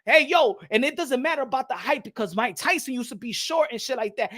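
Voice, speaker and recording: A man's voice: very high voice, a bit bright, breathy edge. A man doing casual, rambling and sarcastic boxing commentary in slangy talk.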